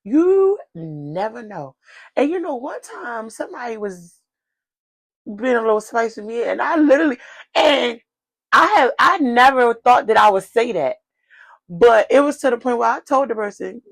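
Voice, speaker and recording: A woman co-hosting a podcast in casual chat, animated and exclamatory, giving advice. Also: fairly high pitch, normal speed, creaky. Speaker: podcast co-host.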